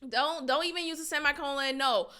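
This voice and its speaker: A woman's voice: high-pitched, fairly quick, pushed and bright. A woman hosting a podcast, chatting casually about a reality show in a blunt, opinionated way, swearing and laughing often. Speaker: podcast host.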